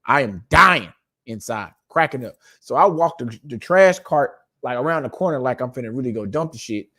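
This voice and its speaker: A man's voice: medium pitch, lively intonation, normal speed, pushed and bright, dry recording. A man hosting a podcast, telling a rambling, profane family story in a casual, laughing way from his home studio. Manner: profane, loose, laughing storyteller who acts out quotes. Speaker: podcast host. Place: home studio with lights and microphones.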